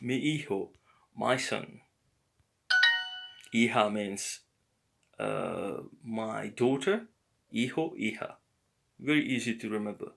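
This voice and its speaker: A man giving a slow, patient beginner language lesson, explaining words one by one. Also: fairly low pitch, gravelly. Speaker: language teacher.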